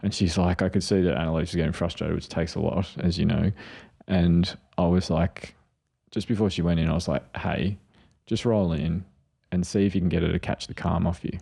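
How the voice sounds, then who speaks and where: A man with a very low, gravelly and husky voice. He talks through parenting ideas in a casual podcast chat. He slips into quoted voices to tell his stories. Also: fairly even intonation, brisk, mellow. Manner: storytelling, acts out quotes. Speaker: podcast co-host, mental health clinician.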